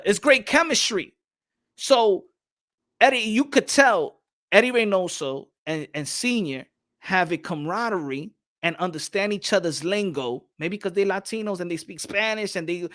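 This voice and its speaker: A man co-hosting a boxing podcast, talking in an animated, emphatic way and repeating himself. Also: high-pitched. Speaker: podcast co-host. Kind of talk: casual boxing podcast chat.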